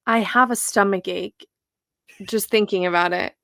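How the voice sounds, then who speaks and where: A woman's voice: medium pitch, fairly even intonation, moderate pace, fairly bright tone, no room sound, clean studio sound. A woman co-hosting a podcast on a video call, playful and teasing. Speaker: podcast co-host. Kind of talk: casual podcast chat.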